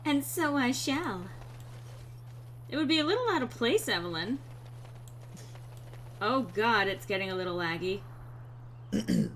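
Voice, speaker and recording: A woman streamer chatting casually over gameplay, reading chat aloud, frank and quick to swear. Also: mid-range voice, wildly swooping pitch, fairly bright tone, slight background noise.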